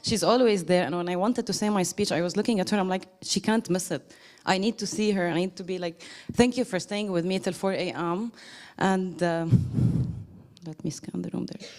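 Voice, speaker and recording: Woman, lowish voice, casual speech to a group, laughs often. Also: moderate pace, a little mellow. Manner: laughing often, chatty and emotional, quoting others. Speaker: workshop participant giving a thank-you speech.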